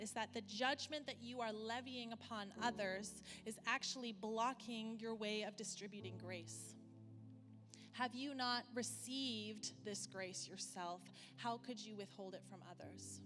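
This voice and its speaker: A woman, preaching a sermon as a candid, conversational personal story, with many fillers and slower stretches for emphasis. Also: fairly high pitch. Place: church hall. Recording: church hall reverb with music.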